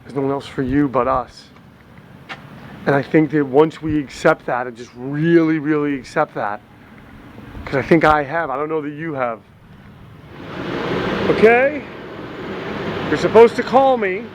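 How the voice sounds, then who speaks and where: A man's voice: fairly high pitch, unhurried, long pauses, lightly acted, poor audio. An actor playing a dumped young man who rambles and pleads in a video message to his ex, outdoors near traffic. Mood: pleading. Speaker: lead character in a short comedy film. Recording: street noise with passing vehicles.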